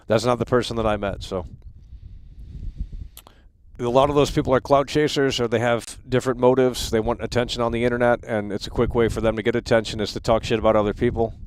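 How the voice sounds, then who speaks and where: A man's voice: medium pitch, fairly even intonation, fast talker, slight background noise. A man in his thirties hosting a live stream, ranting in a heated, profane way and stumbling over repeated words. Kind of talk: angry livestream rant.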